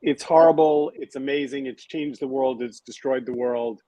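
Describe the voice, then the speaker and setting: A man's voice: mid-range voice, steady tone, moderate pace, mellow, no room sound, poor audio. A man hosting a casual panel discussion, wry and sarcastic, thinking aloud with restarts. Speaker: podcast host.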